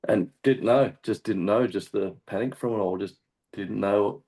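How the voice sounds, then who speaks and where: A man with an Australian accent, a hunting guest telling a story in casual chat, animated and swearing often. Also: fairly low pitch, moderate pace. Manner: animated, swears often, acts out shouted quotes. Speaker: guest hunter.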